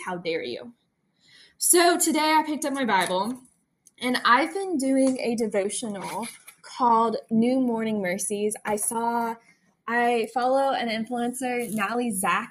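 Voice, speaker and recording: A young woman talks through her faith in a candid, confessional way, like a friend opening up. She is earnest and quick to laugh at herself. Her pitch sits in an ordinary middle range. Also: fairly bright tone. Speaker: faith podcast host. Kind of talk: candid personal devotional talk.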